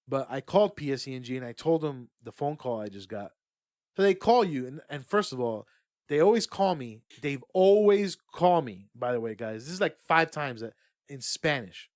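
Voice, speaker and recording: A young man co-hosting a podcast, telling stories in an excitable, swearing, casual way. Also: mid-range voice, no room sound, clean studio sound. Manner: excitable, swears a lot, laughs through punchlines. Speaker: podcast co-host. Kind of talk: casual chat, animated storytelling.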